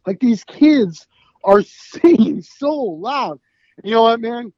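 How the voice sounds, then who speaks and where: High-voiced man, rambling and emphatic. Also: expressive, slow pace, a little mellow, dry recording, lo-fi sound. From United States. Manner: rambling, emphatic and profane, with restarts. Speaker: band founder, guest. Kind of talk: casual podcast interview.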